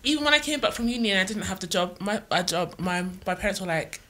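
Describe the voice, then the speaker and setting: A woman's voice: mid-range voice, expressive, fast talker, bright, forceful tone. A young woman with a mid-range voice that rises and falls a lot as she tells stories. She chats casually on a podcast and laughs through her anecdotes. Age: 20s. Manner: chatty, laughs while telling stories. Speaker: podcast co-host. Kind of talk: casual chat.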